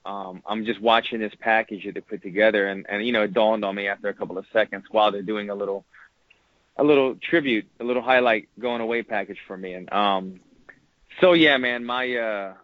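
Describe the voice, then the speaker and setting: A man's voice: lowish voice, dry recording. A retired fighter telling an emotional story in a casual interview, rambling and repeating words as he goes. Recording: muffled lo-fi audio.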